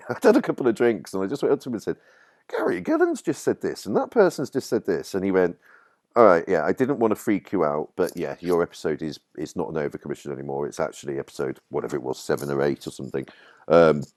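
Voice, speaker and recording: Man, middle-aged, low voice, dry close sound; lively anecdotal guest who mimics others in high pitch. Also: no room sound. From Yorkshire, England. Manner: animated storyteller, acts out quotes in high voices. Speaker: guest writer. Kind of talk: casual anecdotal interview.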